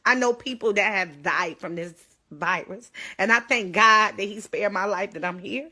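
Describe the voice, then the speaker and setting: A young woman talks straight into her phone on a livestream. Her voice is urgent and pleading, close to tears at times, and sits at an ordinary middle pitch. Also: normal speed, pushed and bright. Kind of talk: emotional livestream plea.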